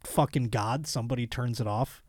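A man's voice: mid-range voice, a little fast, no echo, studio quality. A man hosting a comedy podcast, chatting casually with profanity and jokes, and reading an ad. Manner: profane, joking, animated. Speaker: podcast host. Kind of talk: casual comedic chat and host-read ad.

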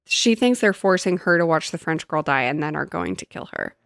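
Low gravelly woman, casual book chat. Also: lively intonation, a little fast, a bit bright, no room sound. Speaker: podcast co-host discussing a novel. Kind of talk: casual chat, reading passages aloud.

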